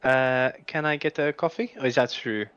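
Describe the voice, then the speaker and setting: A man's voice: medium pitch, moderate pace, fairly bright tone, smooth, no room sound, highs cut off. A man playing a tabletop role-playing game, laughing often and answering in a prim, polite character voice. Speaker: player. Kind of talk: casual tabletop role-play.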